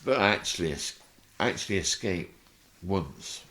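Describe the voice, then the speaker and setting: Low-voiced and a bit slow, this man tells funny stories as a podcast guest, with a slight hiss or hum in the recording. He's an animated narrator who chuckles often.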